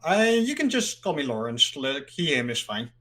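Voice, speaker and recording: A man's voice: medium pitch, sing-song, moderate pace, bright, forceful tone. A man from the Netherlands, a guest in a casual interview, rambling and filling his talk with "like.". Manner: rambling, fills speech with "like", laughs easily.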